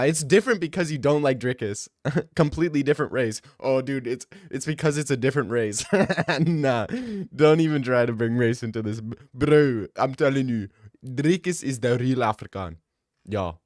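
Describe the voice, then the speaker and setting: An excitable young man chatting with his stream audience in a medium-pitched voice, firing out quick bursts and doubling back on his words. The mic is close and dry, with no room echo. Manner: excitable, fast bursts, repeats himself. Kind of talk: casual chat with viewers.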